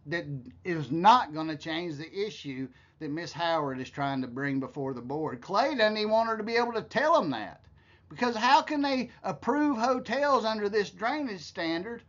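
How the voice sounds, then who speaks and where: A man's voice: fairly high pitch, animated, moderate pace, highs cut off. A man giving heated, scornful commentary, ranting with profanity. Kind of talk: angry commentary.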